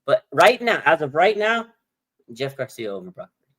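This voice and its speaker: A man's voice: fairly high pitch, moderate pace. Easygoing middle-aged man, casual sports co-host. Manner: relaxed, agreeable chat with many "man"s and "like"s.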